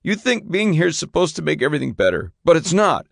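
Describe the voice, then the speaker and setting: A man's voice: fairly high pitch, sing-song, normal speed, slightly rough, no echo, clean studio sound, pitched above the performer's own voice. A man voicing an upset teenage boy who pleads and sulks, his voice cracking with tears in an audiobook reading. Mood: tearful.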